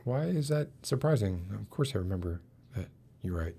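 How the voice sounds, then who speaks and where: A man's voice: on the low side, animated, normal speed, creaky, mellow, slightly rough. A man in casual chat, asking hesitant, encouraging questions.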